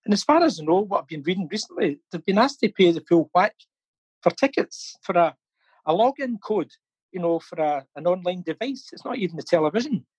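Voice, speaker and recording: Chatty man, husky and high. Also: expressive, fairly quick, no room sound, rough recording. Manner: chatty, laughs often, repeats words while thinking. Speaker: interview guest, fan campaigner. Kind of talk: casual storytelling interview. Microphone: phone or video call.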